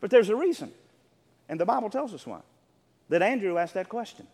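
A high-pitched male preacher delivering an emphatic sermon, his voice swooping up and down as he builds toward near shouts. His words ring out with a long reverb through the church sanctuary. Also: animated, a little fast. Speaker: pastor.

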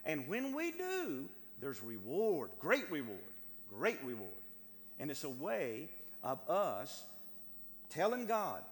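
A man's voice: fairly high pitch, huge pitch swings, slow, big-room sound. A man preaching a sermon as pastor, reading scripture and driving points home by repeating phrases to the congregation. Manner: emphatic preaching, repeats phrases, addresses brethren.

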